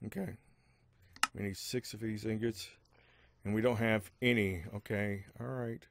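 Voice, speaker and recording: A man hosting a game let's-play in casual, rambling commentary with many asides, speaking above his natural low register. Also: steady tone, measured pace, creaky, fairly bright tone, no room sound. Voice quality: rambling, lots of fillers and asides.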